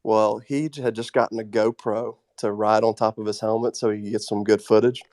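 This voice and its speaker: A young man telling a story about his older brother in an earnest, slightly halting way. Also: fairly low pitch, little pitch movement, darkish tone, no echo, studio quality. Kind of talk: casual storytelling.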